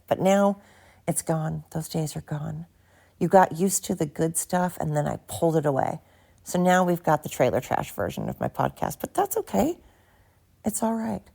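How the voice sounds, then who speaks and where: Tired woman rambling on her podcast, kinda low gravelly voice, swears a lot, phone mic. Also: animated, normal speed, dark tone. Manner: rambling, profane, self-mocking. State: tired, barely awake. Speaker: podcast host. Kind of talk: casual solo podcast monologue. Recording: phone recording with background noise.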